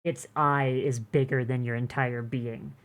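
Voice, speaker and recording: A woman's voice: rumbling low, fairly even intonation, unhurried. A woman narrating a tabletop game as game master, rambling with many fillers as she describes scenes.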